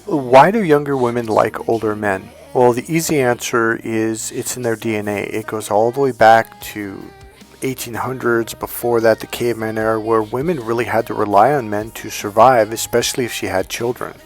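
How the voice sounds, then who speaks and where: A man's voice: medium pitch, steady tone, moderate pace, faint music behind. Rambling middle-aged male dating coach. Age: 50s. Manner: rambling storyteller with many restarts and quoted dialogue. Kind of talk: casual advice monologue.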